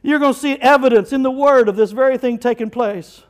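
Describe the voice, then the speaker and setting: A male pastor preaching a lively sermon, rising to shouts as he quotes scripture. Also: very high voice, brisk, rough recording.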